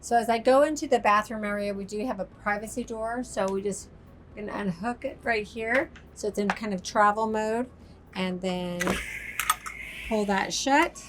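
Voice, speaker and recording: Brief: cheerful woman at mid pitch touring a motorhome, faint noise behind. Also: normal speed. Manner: upbeat, enthusiastic, chatty presenter. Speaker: RV sales expert giving a tour. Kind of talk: walk-through product tour. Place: inside a motorhome.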